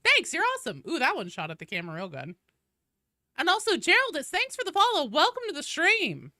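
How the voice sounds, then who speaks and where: A woman game streamer chatting casually, greeting viewers one by one, her voice a bit gravelly from allergies. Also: high voice, wildly swooping pitch, brisk, bright, forceful tone. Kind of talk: casual live-stream chat.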